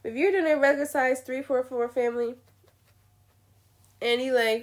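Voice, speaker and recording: A young woman vlogger rants casually to the camera, giving blunt opinions laced with swearing in an animated way. Her voice is high, her speed normal, and she pauses often.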